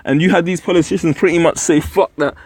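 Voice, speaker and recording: A man delivers a swearing, ranting religious commentary, keeps dropping "man" into his sentences and laughs mid-sentence. His voice sits fairly high for a man. The sound is dry and close. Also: steady tone, fast, a little mellow, no room sound. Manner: profane, repeats "man" constantly. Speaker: online preacher.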